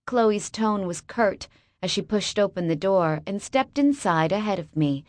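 A woman's voice: mid-range voice, expressive, a little slow, dry recording. A woman narrating a first-person novel with wry, sarcastic asides, on a close mic. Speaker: audiobook narrator.

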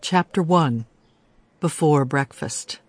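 Woman narrator with a very low voice. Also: takes it slowly, breathy edge, no echo. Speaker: audiobook narrator. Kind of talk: scripted audiobook narration.

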